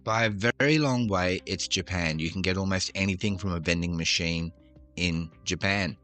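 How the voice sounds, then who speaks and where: Bright-toned jokey quiz host. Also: male voice, low-pitched, moderate pace, faint music behind. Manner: jokey, self-deprecating asides. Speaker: host of a trivia podcast. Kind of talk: casual quiz podcast.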